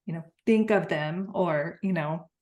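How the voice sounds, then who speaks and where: A woman's voice: on the low side, a little slow, darkish tone. Conversational woman podcast host. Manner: conversational, empathetic, sharing own experience. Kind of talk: podcast interview.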